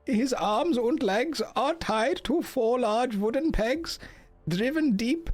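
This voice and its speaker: A man's voice: lively intonation, full character voice. This is a comic, over-the-top mock-German storyteller, put on by a man. The voice sits far above his usual range. It is drawn out and theatrical, with a faint bed of music behind it. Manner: high, slow, theatrical reading. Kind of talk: gamebook read-aloud.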